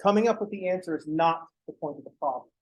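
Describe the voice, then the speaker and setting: A man's voice: fairly high pitch, fast talker, a little mellow, low-quality recording. A man teaching math in a casual recorded lecture, joking and swearing freely.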